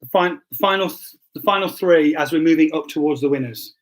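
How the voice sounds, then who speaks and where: A man with a slightly high, brisk voice hosts a casual church livestream as its pastor. He reads out quiz results with jokey self-deprecation, stumbling over words and apologizing as he goes.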